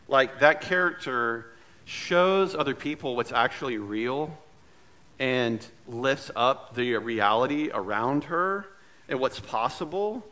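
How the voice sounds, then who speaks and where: Man, pastor, sermon, middle pitch, chatty storytelling, asks the congregation questions, church sanctuary. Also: sharp tone.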